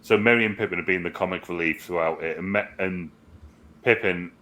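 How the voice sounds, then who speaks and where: Deep-voiced man rambling through a movie review. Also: a little fast, sharp tone. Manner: rambling, swears, quotes film lines in put-on voices. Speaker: podcast co-host. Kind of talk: casual movie review chat.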